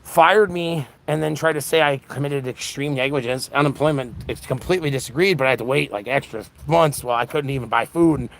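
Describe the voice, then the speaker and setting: Tired, fast-talking gravelly man. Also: mid-range voice. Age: around 40. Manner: fast, scattered, many restarts and fillers. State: exhausted. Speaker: independent political livestreamer. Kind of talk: rambling casual monologue. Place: outdoor punk festival.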